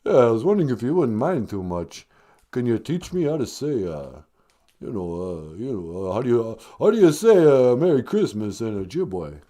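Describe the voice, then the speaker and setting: A slurring, halting tough-guy boxer growls his way through a call, all drawl and grit, as a man puts him on. The voice swings up and down as he talks. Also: medium pitch, sing-song, dark tone, lightly acted. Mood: gruff. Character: gravelly tough-guy boxer calling in, male, middle-aged. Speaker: caller.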